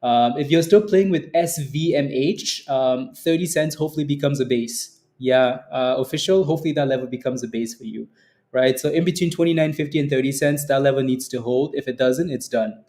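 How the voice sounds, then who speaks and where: A man's voice: medium pitch, brisk, warm tone. A young adult man hosting a live stock trading stream, chatting casually and teasing his viewers, repeating phrases and laughing often. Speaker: stock trading livestream host. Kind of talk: casual livestream chat reading the chat.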